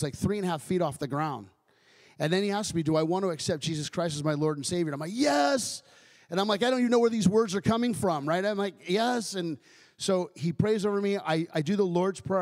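Man giving an animated church testimony. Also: fairly high pitch, big-room sound. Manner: animated storytelling, acting out quoted voices, frequent restarts. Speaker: guest speaker, ministry director.

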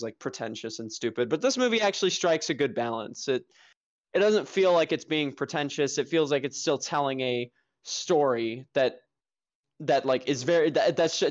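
A man's voice: medium pitch, muffled recording. A young man co-hosting a film podcast, rambling through his take with lots of fillers and casual swearing. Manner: rambling, filler-heavy, profane, enthusiastic. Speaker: podcast co-host, film reviewer.

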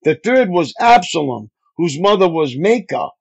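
A male pastor reading scripture aloud in a measured, phrase-by-phrase way. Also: on the high side, sing-song, gravelly. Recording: dull lo-fi audio.

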